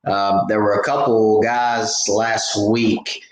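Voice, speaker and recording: Folksy fishing host, roomy sound. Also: male voice, on the low side, level tone, slow. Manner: rambling, folksy, lots of fillers and restarts. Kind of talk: casual live stream chat. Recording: echoey room with faint background noise.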